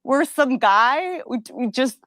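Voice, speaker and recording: A woman's voice: sits high, expressive, slow, fairly bright tone, no room sound, clean studio sound. A woman in her forties, a mother, talking in a wry, incredulous, joking way. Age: 40s. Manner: incredulous, wry, breaks into laughter. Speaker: mother and online commentator. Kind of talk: casual joking commentary.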